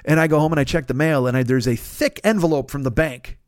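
A man's voice: on the high side, fast, dry recording, studio quality. A man hosting a podcast, telling a long personal story in a casual, profane and exasperated way into a microphone. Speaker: podcast host.

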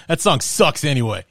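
A man's voice: a little high, creaky, a bit bright, no echo. Male host, casual sports chat, restarts often, dry close mic. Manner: rambling, with many restarts and laughs. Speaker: podcast host.

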